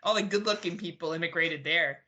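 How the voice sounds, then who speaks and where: With a fairly low, pushed and bright voice, a woman from Canada speaks briskly as she co-hosts a podcast, trading casual, rambling banter peppered with laughs and swearing.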